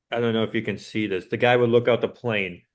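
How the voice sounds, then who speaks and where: A young adult man co-hosting a podcast, talking casually and filling his sentences with "like". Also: lowish voice. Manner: rambling, peppered with "like". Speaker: podcast co-host. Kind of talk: casual chat.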